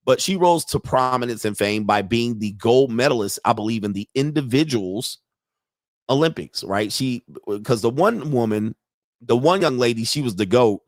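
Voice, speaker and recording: A man's voice: medium pitch, no echo, clean studio sound. Profane, laughing male podcast host. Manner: rambling, profane, laughs often. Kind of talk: casual live-streamed commentary. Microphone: computer mic and webcam.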